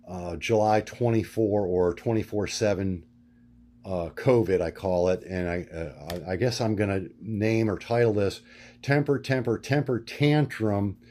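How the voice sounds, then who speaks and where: Middle-aged man vlogging from notes, halting, lots of ums, repeats himself. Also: on the low side, dark tone, a little hiss or hum. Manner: halting, many fillers and restarts; repetitive, searching for words. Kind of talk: rambling monologue from notes.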